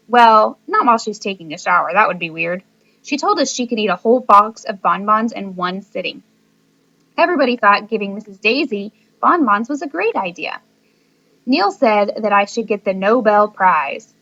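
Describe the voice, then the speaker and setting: A woman reading a children's book aloud in a lively, playful storytelling manner. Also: medium pitch, moderate pace, gravelly, dry recording, dull audio. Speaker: audiobook reader.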